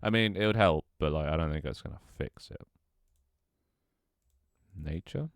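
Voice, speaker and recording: A man with a very deep, low voice mutters and thinks aloud while he builds a game level on stream. He swears freely, banters with his chat, and his voice sometimes cracks. The sound is dry and close, with no room echo. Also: moderate pace, gravelly, clean tone. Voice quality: voice cracks at times. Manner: mutters to himself, swears often, jokes with chat.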